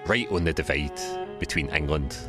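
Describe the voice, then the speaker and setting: Scottish male presenter, a wry storyteller with a very low voice, loud music underneath. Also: normal speed. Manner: wry and reflective, acting out dialogue in his storytelling. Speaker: documentary presenter and spoken-word poet. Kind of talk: documentary narration and performed spoken word.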